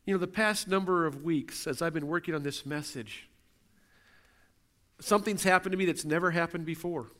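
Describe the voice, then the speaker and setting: A middle-aged man delivers a sermon in a high, light voice. He preaches earnestly, stacking question after question in a steady refrain. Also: moderate pace. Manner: earnest, repetitive rhetorical questions. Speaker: pastor.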